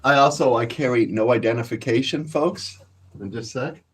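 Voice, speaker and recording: A man's voice: mid-range voice, moderate pace, husky. A man, telling stories casually on his vlog in a profane, boastful, laid-back way. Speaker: cannabis vlogger. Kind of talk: casual storytelling.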